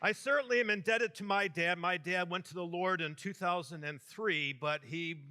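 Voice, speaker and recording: A man's voice: sits high, moderate pace, bright, forceful tone. A man from Michigan, a bishop, preaching a homily to a youth conference in a large hall, telling jokes and addressing the crowd with animation.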